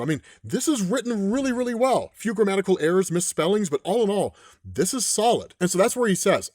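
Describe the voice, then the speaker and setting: Lively, casual male comic recap host. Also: high-pitched, brisk, dry recording, studio quality. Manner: casual, profane, keeps asking "right?". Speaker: comics commentator.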